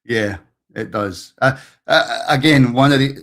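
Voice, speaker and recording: A Scottish man with a mid-range, fairly bright voice hosts a football phone-in, speaking unhurriedly. He chats casually with callers in a friendly, agreeable way.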